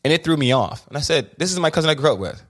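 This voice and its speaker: A man chatting as a guest on a podcast, animated and opinionated, often restarting his sentences. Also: a little high, racing, husky. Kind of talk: casual podcast conversation.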